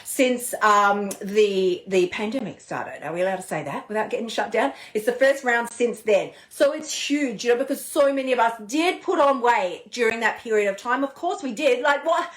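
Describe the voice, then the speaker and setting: Her fairly high voice moves at a normal speed with few pauses as this podcast host and eating coach delivers a lively motivational talk on a live stream. Casual swearing and frequent laughter run through her chatty delivery, heard in an echoey room.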